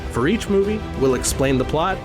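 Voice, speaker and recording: Lively man reading a podcast promo. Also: fairly quick, music in the background. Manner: upbeat, playful pitch. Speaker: podcast co-host.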